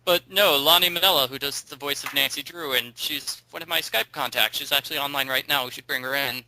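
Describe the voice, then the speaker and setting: Brief: talkative male host, very bright forceful tone, dry close sound, rambling delivery. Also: medium pitch, brisk, dry recording, rough recording. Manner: chatty, digressive, thinks aloud with ums. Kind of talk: casual chat.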